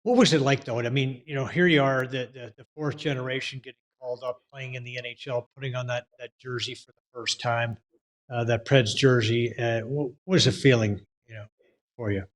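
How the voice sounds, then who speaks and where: A man's voice: medium pitch, fairly even intonation, brisk. Male host, casual questioner, everyday mid voice. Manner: conversational, leading questions with fillers. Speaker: interview host. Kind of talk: interview questions.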